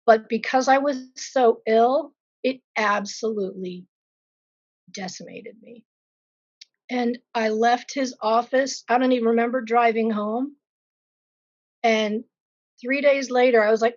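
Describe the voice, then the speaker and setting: A woman's voice: a little high, no room sound, highs cut off. A woman being interviewed as a patient, speaking frankly and vividly about her own illness with self-deprecating asides. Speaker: patient sharing her story. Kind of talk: candid personal interview.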